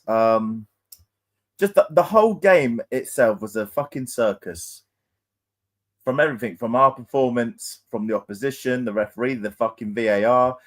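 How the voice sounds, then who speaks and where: Low-voiced frustrated football fan. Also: male voice. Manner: frustrated, hesitant, lots of ums. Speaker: fan channel co-host. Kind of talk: post-match analysis chat.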